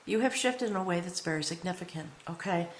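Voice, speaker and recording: A woman's voice: on the low side, quick pace. A woman giving a spiritual tarot reading to camera in an earnest manner, often checking in with the viewer. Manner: earnest, addresses the viewer with frequent "okay?". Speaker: tarot reader. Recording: roomy echo.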